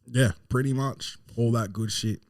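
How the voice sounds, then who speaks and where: A man's voice: medium pitch, measured pace, no echo, clean studio sound. A man in his thirties hosting a casual podcast, boastful and joking, swearing freely. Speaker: podcast host.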